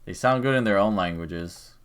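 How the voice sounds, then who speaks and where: A man's voice: on the low side, moderate pace, noisy background. A man chatting casually on a live stream, teasing and crude in his humour. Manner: teasing, crude, animated joker.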